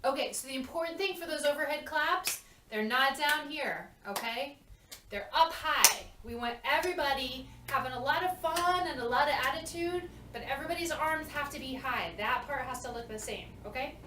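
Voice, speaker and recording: A woman's voice: high voice, moderate pace, heavy background noise. Chatty woman teaching a dance routine. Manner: chatty, checks in with "okay?". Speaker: choreographer. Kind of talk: dance walkthrough. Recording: echoey room, mic at a distance.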